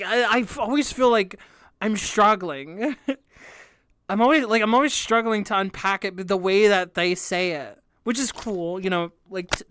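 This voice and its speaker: A young woman talks through a reaction stream, stopping and restarting as she works out lyrics and laughing at herself. Her voice is smooth and clear, recorded dry and close. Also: mid-range voice, a bit bright, dry recording. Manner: thinks aloud, hesitant restarts, frequent laughs, swears. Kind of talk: casual reaction stream, reading lyrics aloud.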